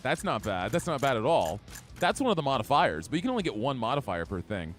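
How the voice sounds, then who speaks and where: Excitable male streamer with hiccups, game music behind. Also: medium pitch, fast talker. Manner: chatty, reads chat aloud, reacts and laughs. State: has hiccups. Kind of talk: live gameplay commentary.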